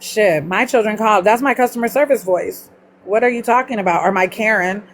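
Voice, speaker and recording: A woman's voice: mid-range voice, brisk, slight background noise. Blunt Southern woman chatting on a livestream. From Mississippi. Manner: blunt, swears freely, chatty. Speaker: livestream host. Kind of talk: casual live chat with viewers.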